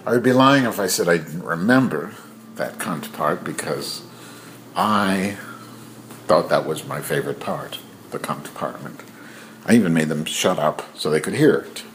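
A man's voice: low voice, expressive, normal speed, a bit bright, a little hiss or hum. A man telling a rambling, profane anecdote to camera in a casual vlog. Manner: rambling and profane, with many fillers. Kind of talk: casual storytelling.

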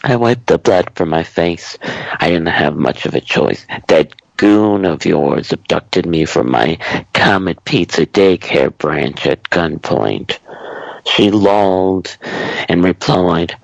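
A man narrating a comedic story in a slow, deadpan manner. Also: deep voice, gravelly, no echo, highs cut off.

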